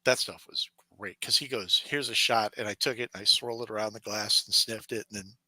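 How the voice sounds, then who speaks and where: A man's voice: lowish voice, steady tone, brisk, pushed and bright, no echo, poor audio. A man co-hosting a podcast, telling workplace stories in casual chat, acting out the people he quotes and laughing often. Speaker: podcast co-host.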